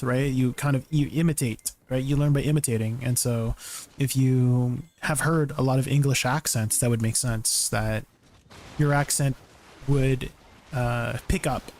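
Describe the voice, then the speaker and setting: A man's voice: mid-range voice, a little mellow, a little hiss or hum. A man chatting casually with viewers on a live stream, laughing often and answering their questions as he goes.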